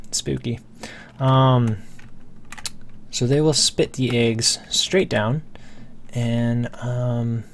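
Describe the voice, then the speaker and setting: A man talks through his game while he plays, rambling casually and thinking aloud with plenty of fillers. His voice has a gravelly, creaky edge, and there is a faint clatter of typing in the background. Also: medium pitch, a little hiss or hum. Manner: casual, self-talking while building. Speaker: gameplay host. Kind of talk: let's play commentary.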